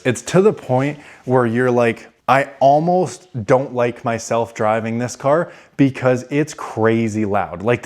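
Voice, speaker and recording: A brash young man hosting a car vlog, talking casually with slang and swearing, sometimes mocking commenters in a raised whiny voice. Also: medium pitch. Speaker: car channel host. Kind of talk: casual garage vlog talk.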